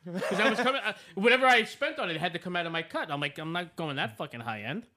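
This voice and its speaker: Brief: male podcast co-host, rapid lively delivery, laughing profane banter. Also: high voice. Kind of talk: crude casual banter.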